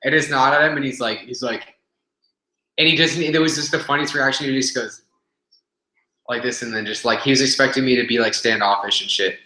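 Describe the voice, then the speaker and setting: A man's voice: mid-range voice, steady tone, a little fast, sharp tone. A young man telling a gym story on a casual webcast, rambling, swearing freely, full of fillers and restarts, recorded on a webcam in a room. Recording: echoey room webcam audio.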